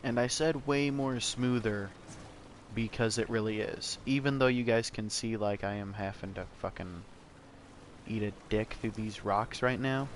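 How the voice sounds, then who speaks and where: A man's voice: lowish voice, steady tone, a little slow, a little hiss or hum. A young man giving loose, profane commentary while he plays a game, rambling casually and calling his viewers "bro" and "man.". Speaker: gameplay streamer.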